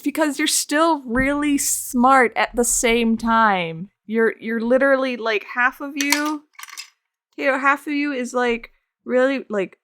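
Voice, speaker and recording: Sculpting live for her viewers, this woman speaks at a measured pace in a slightly high, fairly bright voice. Her talk is casual and rambling, full of laughter, and she reads out chat messages and responds to them.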